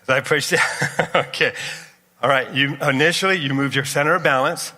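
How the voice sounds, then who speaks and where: A man's voice: medium pitch, moderate pace, pushed and bright. A man giving a live demonstration talk at an expo, coaching volunteers through exercises with energy. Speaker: expo presenter. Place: large expo hall. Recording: echoey hall from a distance.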